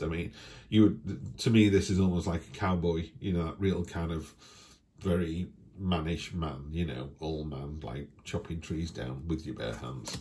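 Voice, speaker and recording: A man's voice: deep voice, dark tone. A man giving a casual weekly tarot reading, chatty and rambling, with fillers and asides. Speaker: tarot reader.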